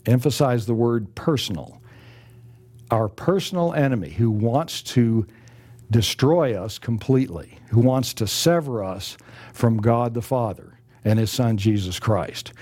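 Guy giving a sermon, mellow warm tone, earnest, leans hard on the verses. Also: mid-range voice. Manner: earnest, emphatic, slows for scripture quotes. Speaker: preacher.

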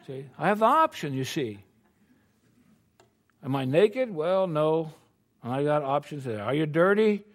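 An older American man preaches a sermon to his congregation in a homespun, conversational manner. He peppers his talk with rhetorical questions, and his voice sits a little high for a man. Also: sing-song, a little slow, pauses often. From United States.

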